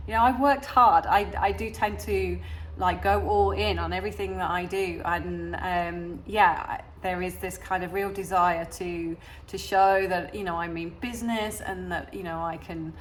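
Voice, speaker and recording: A woman's voice: fairly low pitch, steady tone, moderate pace, a little hiss or hum. A woman with an English accent, a yoga teacher talking casually to camera, hesitant with many fillers and restarts. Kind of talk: casual talking-head chat.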